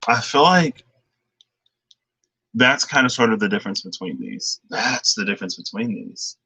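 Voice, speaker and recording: A man talks through a tarot reading in a loose, chatty way, thinking aloud and drifting into lively retellings. His voice sits a little low but comes across bright and forceful. The sound is close and dry, with no room around it. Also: moderate pace, creaky, slightly rough, dry recording, low-quality recording. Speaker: tarot reader.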